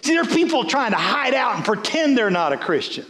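A man's voice: extremely high pitch, very animated, brisk, fairly bright tone, reverberant. A man, a bishop, preaching a folksy sermon, repeating words as he builds.

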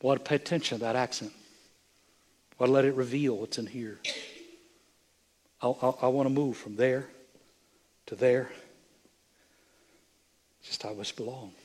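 An older man, a bishop, preaching a sermon with impassioned delivery that swings from hushed, near-whispered moments to loud, emphatic lines. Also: mid-range voice, fairly even intonation, moderate pace, pauses often.

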